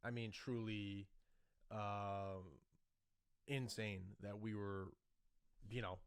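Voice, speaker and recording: A man's voice: fairly low pitch, level tone, a little slow, pauses often, clear, resonant tone, no room sound, clean studio sound. A man hosting a casual solo podcast, rambling through his thoughts with many fillers and restarts. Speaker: podcast host. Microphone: desk microphone.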